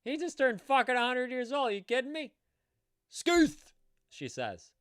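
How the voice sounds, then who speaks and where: Animated male host, chatty and profane, dry close mic. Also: extremely high pitch, brisk, smooth, dry recording, soft background music. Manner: animated, swearing freely, jokey. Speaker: stream host. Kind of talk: casual live-stream chat.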